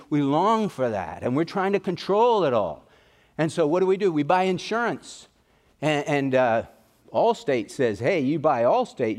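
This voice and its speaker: A middle-aged man preaching a sermon in a folksy, conversational way, telling personal stories. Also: fairly high pitch.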